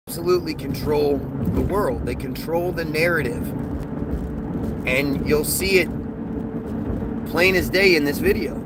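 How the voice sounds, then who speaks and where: Sarcastic ranting man with lots of noise behind. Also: a little high. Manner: sarcastic, profane, many restarts and repeated words. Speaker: vlogger. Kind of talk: unscripted ranting monologue.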